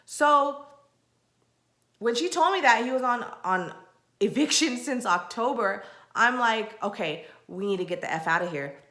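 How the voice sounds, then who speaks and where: A woman from Texas recounts a story for her vlog in a casual, animated way. She slips into the voices of the people she quotes and rants in exasperation. Her voice is bright, and it rings in an echoey room. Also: on the high side, measured pace. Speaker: vlogger.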